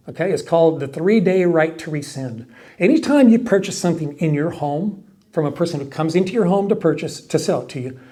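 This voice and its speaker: A man with a Texan accent, a window company owner, talking casually to camera and acting out salesmen's pitches in quoted voices. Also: a little mellow.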